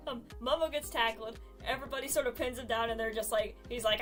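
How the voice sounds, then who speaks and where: A woman with a fairly high voice casually retells a story while she plays a game, lively and giggly, often breaking into laughter. Faint music plays behind her. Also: moderate pace, pauses often.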